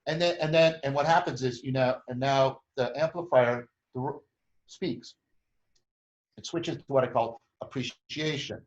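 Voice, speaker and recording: A man's voice: medium pitch, a little slow, highs cut off. Man explaining with frequent tag questions. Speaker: host. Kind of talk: conversational explanation.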